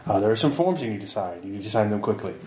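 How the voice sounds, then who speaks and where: A man voicing a calm triad enforcer who speaks formally and courteously with quiet menace. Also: lowish voice, very fast, echoey room, lightly acted. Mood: cold polite.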